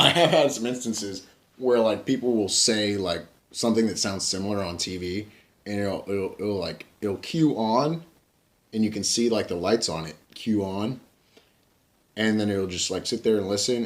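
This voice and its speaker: Male tech vlogger, lower pitch, loose rambling delivery with laughs. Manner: rambling, chuckling, lots of fillers. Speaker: tech reviewer. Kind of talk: casual product review. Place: at home.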